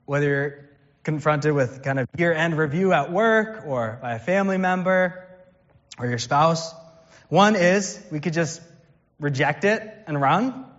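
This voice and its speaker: A man's voice: a little high, fairly bright tone. A man, preaching a conversational sermon and quoting scripture. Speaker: pastor. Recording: dull sound with long hall reverb.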